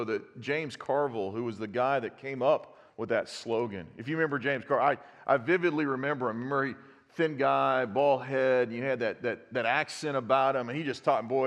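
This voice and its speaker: A man, preaching a conversational sermon and putting questions to his congregation. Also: mid-range voice. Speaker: pastor. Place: church sanctuary. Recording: long reverb of a church hall.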